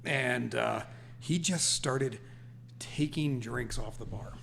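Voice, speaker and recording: Gravelly man telling a lively story. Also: mid-range voice, takes it slowly, a little hiss or hum. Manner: animated, laughs through stories. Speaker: podcast co-host. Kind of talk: casual storytelling chat.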